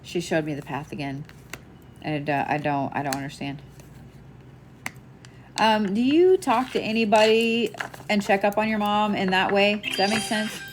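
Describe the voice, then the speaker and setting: A woman's voice: medium pitch, normal speed, long pauses, slight background noise. A woman giving live psychic readings, casual and chatty, laughing and swearing now and then. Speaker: psychic medium.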